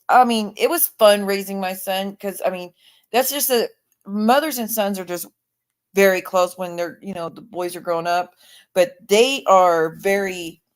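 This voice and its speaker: A woman's voice: lowish voice, clean tone. A woman in her forties chatting casually on her livestream, reading viewer comments aloud and talking back to them. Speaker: livestream host.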